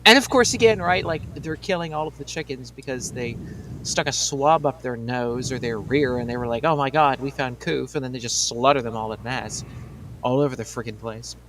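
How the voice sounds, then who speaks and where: A man co-hosting a casual podcast chat, listing things off in an animated, loose way. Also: mid-range voice, fairly quick, slight background noise. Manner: animated, piling up examples in loose lists.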